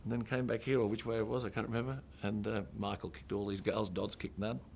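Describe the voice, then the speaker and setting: Older Australian man telling an animated anecdote. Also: fast, vocal fry, a little hiss or hum. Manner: animated, acts out dialogue with rising pitch; repeats and restarts words. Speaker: former rugby coach. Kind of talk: anecdotal storytelling.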